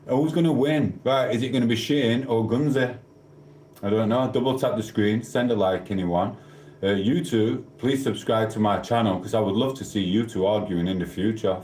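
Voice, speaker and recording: Low with a darkish tone, this man's voice has a South Yorkshire, England accent and a little hiss or hum behind it. He's livestreaming from an echoey room, rambling casually and cheekily answering viewers' comments.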